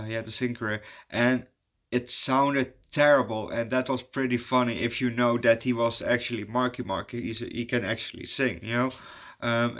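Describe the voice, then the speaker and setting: A man's voice: mid-range voice, a bit bright. Rambling man reviewing a movie. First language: Dutch. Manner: rambling and hesitant, many fillers and restarts. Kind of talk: casual spoken movie review.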